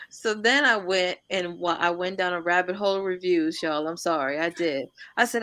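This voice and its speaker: A woman on a live book discussion panel, talking in an animated, blunt way and swearing freely. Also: lowish voice, moderate pace, few pauses.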